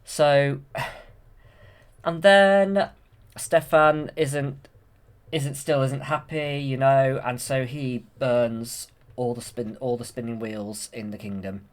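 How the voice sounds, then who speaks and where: A man's voice: mid-range voice, fairly even intonation, slow pace. A man hosting his channel, retelling a film from memory with enthusiasm and plenty of fillers and restarts. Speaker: channel host.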